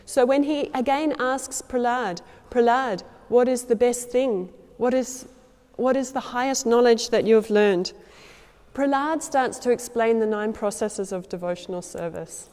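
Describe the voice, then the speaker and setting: A woman's voice: fairly high pitch, a little slow. Woman telling a devotional story in a reverberant hall. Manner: acts out quoted lines with shifts in loudness and pace.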